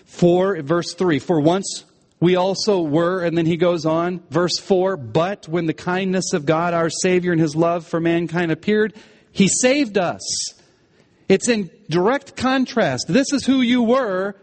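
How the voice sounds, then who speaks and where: A man's voice: a little high, expressive, measured pace, darkish tone, in a large hall. A man preaching a sermon, emphatic, repeating key phrases and asking the listeners rhetorical questions. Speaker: pastor.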